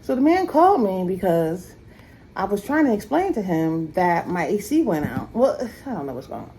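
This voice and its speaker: Lively, self-teasing young woman vlogging at home. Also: normal speed, slight background noise, low-quality recording. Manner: animated, laughing at herself, swooping high when teasing. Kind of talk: casual chatty vlog. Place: at home, moving between rooms.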